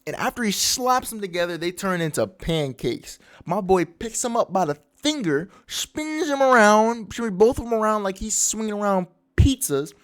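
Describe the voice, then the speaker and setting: A man casually recapping a manga chapter with excited slang and his own sound effects. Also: high-pitched, moderate pace, few pauses. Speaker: manga breakdown host.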